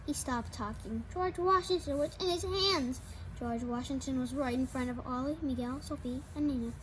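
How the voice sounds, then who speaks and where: High-voiced woman reading a picture book. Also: normal speed, a bit bright, a little hiss or hum, rough recording. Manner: reads with slips and restarts, adding small asides. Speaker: storybook reader.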